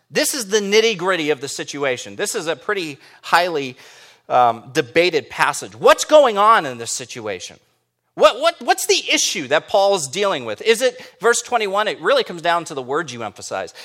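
Male pastor preaching, emphatic and questioning, high bright tone, very animated pitch. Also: normal speed. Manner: emphatic, many rhetorical questions. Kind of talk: sermon.

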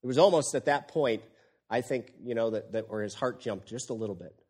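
A man preaching an expository sermon, moving between hushed lines and loud, exclaiming ones. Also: mid-range voice, brisk, breathy edge. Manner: animated, swings from hushed to exclaiming.

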